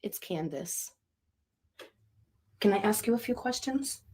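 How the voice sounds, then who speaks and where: A woman running a spirit box session, talking to camera in a halting, soft-spoken, earnest way with frequent hesitations. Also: mid-range voice, expressive, breathy edge. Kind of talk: casual talk to camera.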